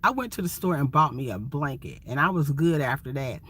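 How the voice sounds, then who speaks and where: A woman's voice: very deep voice, animated, a little fast, a bit bright, slight background noise. A woman from Ohio, a van-life vlogger chatting casually and expressively with viewers on a phone livestream. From Ohio, USA.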